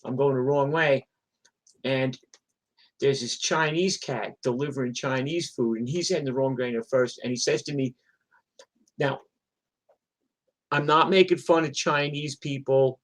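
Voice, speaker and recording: A man telling stories live in an animated, profane, punchy way. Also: mid-range voice, measured pace, long pauses. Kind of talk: live storytelling, casual.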